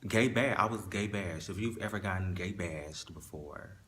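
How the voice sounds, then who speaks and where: Low-voiced man holding back tears. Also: fairly bright tone, a little hiss or hum. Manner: halting, with restarts, emotional. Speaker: vlogger telling a personal story. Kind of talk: casual storytime monologue.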